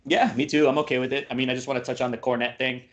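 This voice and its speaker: A man's voice: medium pitch, little pitch movement, racing, fairly bright tone. A man co-hosting a casual sports talk show, speaking in a loose, slangy way full of "dude" and "like". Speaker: sports podcast co-host.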